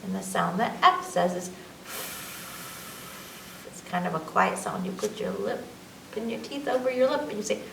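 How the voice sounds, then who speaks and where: A woman reading an alphabet book aloud at children's story time, teacherly and lively, drawing out each letter sound. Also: mid-range voice, a little fast, vocal fry. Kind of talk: slow, sing-song children's story time. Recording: echoey room, mic at a distance, faint background hum.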